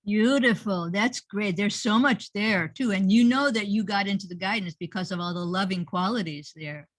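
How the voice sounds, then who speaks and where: A woman hosting and teaching an online workshop over a video call gives encouraging group feedback, praising participants effusively and often repeating her words. Her medium-pitched voice is at normal speed with no room sound.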